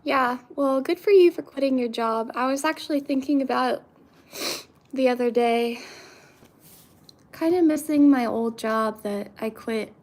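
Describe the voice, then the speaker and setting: A woman's voice: high voice, measured pace, darkish tone. A young woman from Florida chatting casually to her viewers, rambling with lots of fillers and restarts. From Central Florida, US. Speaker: vlogger. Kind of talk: casual chat to camera.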